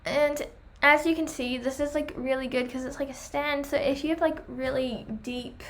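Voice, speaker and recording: Chatty high-voiced young woman. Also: a little hiss or hum. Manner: chatty, filler-heavy, enthusiastic. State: losing her voice. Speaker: vlogger reviewing pet products. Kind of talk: casual chat.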